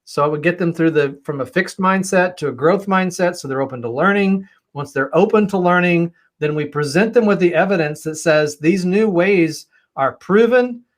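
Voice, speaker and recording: A man's voice: sits high, normal speed, few pauses. A man on a webinar panel giving emphatic, persuasive answers about agile leadership, often repeating words as he starts a thought.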